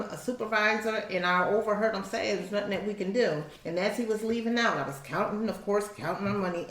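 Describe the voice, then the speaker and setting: Animated woman telling stories in an echoey room. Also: medium pitch. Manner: animated storyteller, voices other people's lines. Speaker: podcast co-host. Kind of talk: casual faith-based chat.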